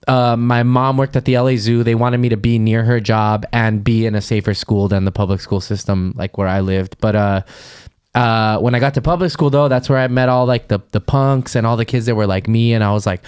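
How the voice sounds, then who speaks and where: A podcast co-host from the Los Angeles area talks through a personal story in a relaxed, rambling way. His voice is smooth and clear, sitting at an ordinary middle pitch. He wanders and restarts often, with plenty of filler words, sounding candid and unpolished. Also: fairly quick. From Los Angeles area, USA. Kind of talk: casual chat.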